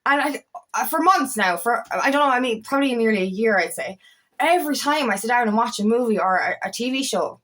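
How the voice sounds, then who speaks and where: Speaking fairly quickly with lively intonation, a woman whose voice is on the high side and a bit bright gives a candid monologue. She's an empowerment coach who stresses her points, swears a lot, and occasionally raises her voice.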